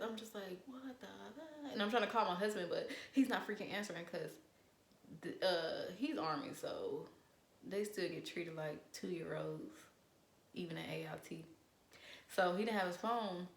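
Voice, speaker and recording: A young woman in casual storytime chat, animated and profane, acting out what people said. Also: medium pitch, normal speed, reverberant. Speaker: vlogger.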